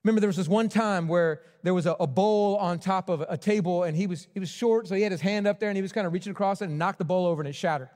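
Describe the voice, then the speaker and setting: A man preaching a sermon in a church, telling a personal story earnestly and dropping to a near hush at tender points. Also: sits high, quick pace, hardly any pauses. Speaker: pastor. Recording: long church hall reverb.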